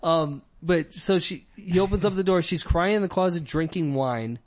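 A man in casual comedic chat, profane and laughing often as he mocks a movie's scenes with quick impressions. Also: high-pitched.

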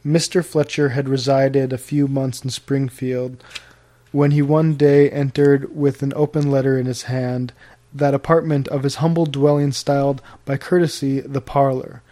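A man narrating period fiction as an audiobook, in a measured, formal storytelling manner. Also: mid-range voice, little pitch movement, dark tone.

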